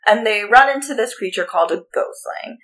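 A woman's voice: a little high, fairly quick, fairly bright tone, low-quality recording. Rambling woman podcast co-host. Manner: rambling, filler-heavy. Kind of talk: casual book-club chat.

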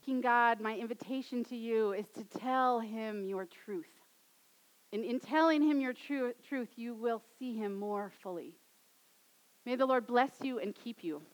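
A woman in her thirties delivers a sermon in a high, bright-pitched voice. She builds to loud, dramatic peaks, then drops to soft, hushed closes. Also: unhurried, low-quality recording. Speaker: pastor.

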